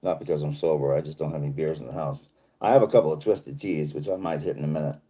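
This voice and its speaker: A middle-aged Boston man with a Boston accent hosts a casual livestream, reading viewer comments in a rambling, laid-back way. His voice is extremely low and warm, and he talks fast.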